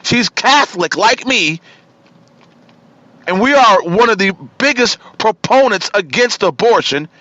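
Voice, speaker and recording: With a high-pitched, bright, forceful voice and lively intonation, this political talk show host speaks a little slowly on a lo-fi recording with no echo. His talk radio monologue is a fiery rant in which he repeats himself for emphasis and names his targets.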